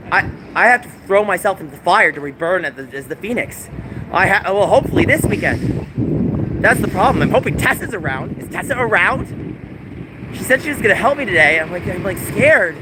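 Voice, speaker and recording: Streamer, male, high voice, anxious pleading rants, phone audio with loud traffic behind. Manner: distressed, pleading rants to chat. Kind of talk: live-stream vlog talking to chat. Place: outdoors on city streets.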